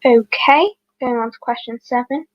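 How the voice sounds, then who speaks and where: A woman hosts a livestreamed quiz, reading questions in a fairly high voice and breaking off to correct herself. The sound is dry and a little dull, like a home mic. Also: moderate pace, dry recording. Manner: chatty, apologetic asides, corrects herself. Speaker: quiz host.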